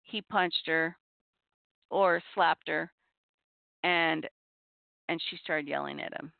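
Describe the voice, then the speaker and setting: A middle-aged woman hosting a talk show on abuse recovery, giving earnest, measured advice and repeating her key points. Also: deep voice, steady tone, vocal fry, dry recording. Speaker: podcast host on abuse recovery. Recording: tinny phone-like audio.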